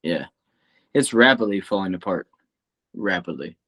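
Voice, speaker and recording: A man's voice: low voice, animated, moderate pace, bright, forceful tone. A man co-hosting a podcast, ranting emphatically in casual, profane chat. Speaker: podcast co-host.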